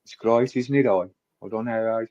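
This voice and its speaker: A man's voice: lowish voice, fairly even intonation, moderate pace, darkish tone, highs cut off. A man, co-hosting a casual podcast, teasing in a dry, wry way. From northern England. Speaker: co-host.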